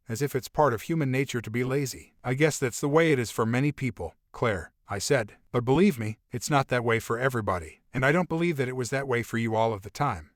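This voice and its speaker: A man reading nonfiction aloud as an audiobook narrator, in a calm and measured way. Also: medium pitch, no echo, studio quality.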